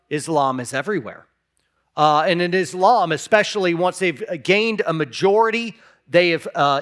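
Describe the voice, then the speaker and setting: A man's voice: sits high, a bit bright. A man preaching a sermon as pastor, impassioned, sometimes acting out imagined replies in a raised voice.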